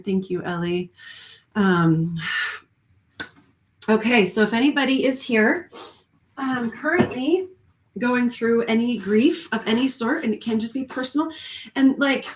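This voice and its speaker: A woman's voice: fairly high pitch, unhurried, a little mellow, reverberant. A woman speaking as a spiritual coach on a live stream, talking earnestly and rambling with frequent ums and small laughs. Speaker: spiritual coach and card reader.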